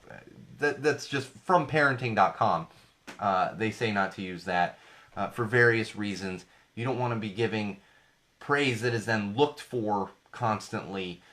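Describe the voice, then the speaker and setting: A man's voice: mid-range voice, a bit bright. A young man hosting a podcast, talking casually about parenting with emphatic repetition and frequent fillers. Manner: emphatic, repeats points, many fillers and restarts. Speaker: podcast host.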